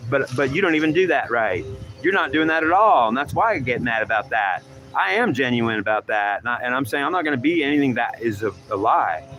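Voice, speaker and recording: A man's voice: medium pitch, animated, fairly quick, bright, forceful tone, low-quality recording. A man in a heated, repetitive monologue, ranting about feelings and honesty. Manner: ranting, repetitive, acts out both sides of an argument. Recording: clear vehicle noise behind.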